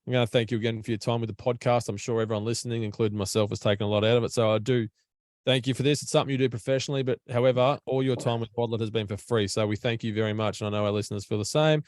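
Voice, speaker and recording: A man's voice: mid-range voice, flat delivery, rapid-fire, a little mellow, no echo. An Australian man hosting a casual podcast over an online call from home, chatty, blunt and matey. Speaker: podcast host.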